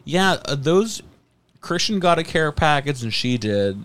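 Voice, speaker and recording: Joking man, lively pitch. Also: a little slow. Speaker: podcast co-host. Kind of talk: casual chat.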